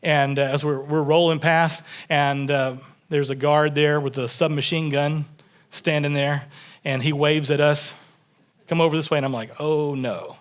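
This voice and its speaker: A man from Texas preaching a sermon in a relaxed, conversational way, often repeating words as he builds his points. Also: fairly high pitch, a little slow, clean tone. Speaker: pastor. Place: church sanctuary.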